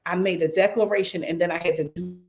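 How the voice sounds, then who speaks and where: Animated woman pastor preaching. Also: fairly low pitch, fast. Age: 50s. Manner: animated, conversational, addressing the crowd as y'all. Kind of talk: sermon.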